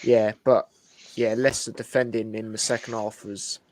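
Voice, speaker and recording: A man's voice: fairly low pitch, flat delivery, moderate pace, darkish tone, no room sound. Easygoing male football panelist. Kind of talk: casual football panel chat.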